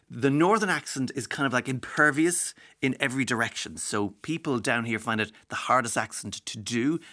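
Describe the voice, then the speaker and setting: Wry Irish radio host, chatty. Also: male voice, medium pitch, sharp tone. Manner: chatty, wry, mimics accents. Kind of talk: casual radio chat.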